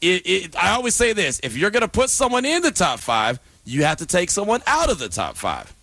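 A man hosting a sports radio show, talking basketball in a casual, lively way on a studio microphone. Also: high voice, fairly quick, gravelly, no echo. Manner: animated, does a preacher-style retelling.

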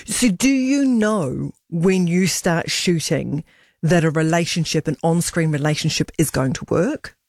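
A woman's voice: sits low, unhurried, a little mellow, dry recording, clean studio sound. A woman interviewing an actress, asking chatty, friendly questions.

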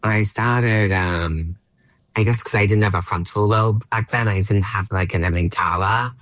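A man's voice: lowish voice, moderate pace, a bit bright, dry recording. A man from Australia in his late thirties, a comedian guest, rambling in a self-deprecating way with many fillers. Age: late 30s. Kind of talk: casual chat.

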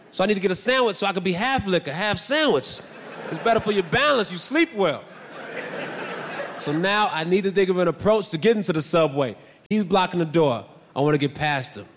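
A male stand-up comedian telling stories in an animated, boisterous, self-mocking way. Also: high voice, big-room sound, noisy background. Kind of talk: stand-up storytelling.

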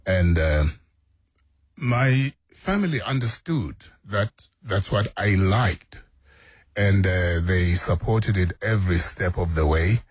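A man in his fifties speaks in a very low, husky voice. His answers are slow, measured and earnest, broken by 'uh' pauses, and his voice sounds dry and close to the mic. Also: expressive, dry recording. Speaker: veteran radio broadcaster, guest.

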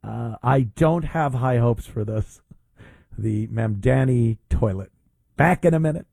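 A man's voice: medium pitch, measured pace, gravelly, dark tone, no room sound. A man hosting a talk radio show, giving mocking, sarcastic commentary on a clip.

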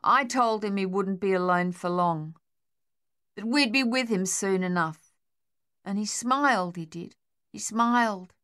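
A woman's voice: medium pitch, a little slow, a bit bright, clean tone, natural voice. A woman voicing a shaken young male Australian soldier, pleading and raw with despair. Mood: distraught.

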